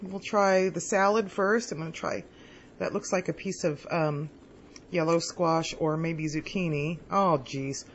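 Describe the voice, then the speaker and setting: A woman's voice: fairly low pitch, unhurried. A woman rambles cheerfully through a casual home cooking vlog. She is filmed in her own kitchen, tasting each dish with pleased murmurs. The recording is dull and lo-fi, with faint background noise. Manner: chatty, rambling, tastes food on camera with lots of mm's.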